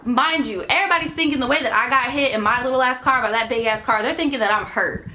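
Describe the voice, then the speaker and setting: A young woman in her twenties telling a story in her vlog, brash, profane and animated. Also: on the high side, fast talker, background noise. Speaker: YouTuber.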